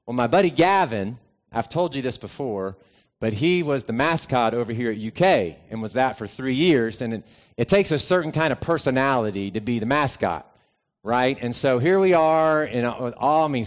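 Easygoing middle-aged male pastor preaching. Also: medium pitch. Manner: conversational and easygoing, with frequent pauses. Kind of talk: sermon with personal storytelling.

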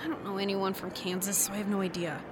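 A woman's voice: mid-range voice, little pitch movement, quick pace, natural voice. A woman acting in an audio drama, grumpy, blunt and sarcastic. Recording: clear background noise.

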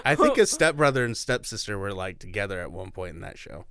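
Jokey man with a lively voice. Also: fairly low pitch, quick pace, no room sound, clean studio sound. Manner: jokey, slips into silly voices. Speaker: podcast co-host. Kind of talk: casual movie chat.

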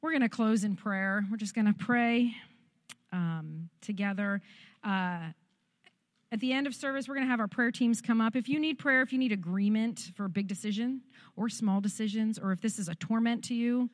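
A woman's voice: on the high side, moderate pace. A middle-aged woman pastor preaching a sermon, earnest and direct, with a practical, encouraging way of talking.

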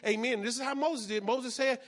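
A man preaching a sermon as pastor, often shouting and repeating phrases, calling out to the congregation for responses. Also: very high voice, steady tone, brisk.

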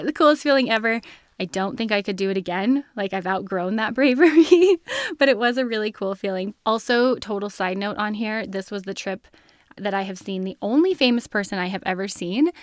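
A woman's voice: medium pitch, no room sound. Chatty woman podcaster, dry close sound. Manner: chatty, animated, laughs often mid-sentence. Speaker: podcast host. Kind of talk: casual storytelling monologue.

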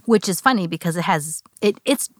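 A woman's voice: lowish voice, animated, brisk, dry recording. A woman co-hosting a podcast, talking through ideas in a thoughtful, rambling way with many "like" fillers, into a studio microphone. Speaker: podcast co-host. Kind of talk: casual podcast discussion.

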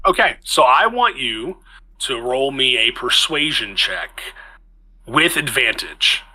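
Guy dm-ing a tabletop game, super bright voice, walks players thru the rules. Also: medium pitch, sing-song, takes it slowly, poor audio. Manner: explains rules, briefly voices characters. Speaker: game master.

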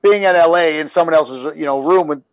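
A middle-aged man, a former hockey player, telling rambling, animated stories in casual chat. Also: a little high, a little fast, dry recording, poor audio. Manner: rambling, animated when acting out anecdotes.

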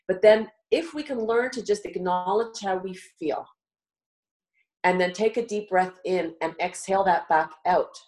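Middle-aged woman, live-show guest, coaching warmly step by step, slightly low voice. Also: low-quality recording. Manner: earnest coaching, walks listener through steps. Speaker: guest speaker. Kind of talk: live talk show teaching.

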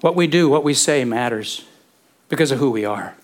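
A middle-aged man preaching a sermon in a lively, conversational way, full of rhetorical questions. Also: mid-range voice, normal speed. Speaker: pastor.

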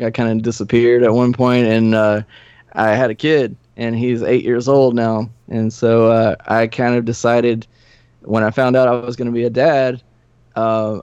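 A man's voice: medium pitch, a little mellow, clear, resonant tone, dry recording. Man telling profane stories, chuckling, lo-fi. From Nashville, USA. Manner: profane, rambling, chuckles often. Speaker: podcast guest, former punk musician. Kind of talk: casual storytelling. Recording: dull, lo-fi, dry.

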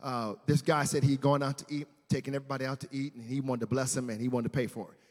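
A man's voice: mid-range voice, flat delivery, quick pace. A man preaching a sermon as pastor, speaking straight to the congregation and building to fervent declarations. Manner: preaching with rising fervor, addressing the congregation directly. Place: church sanctuary. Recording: long reverb of a large church hall.

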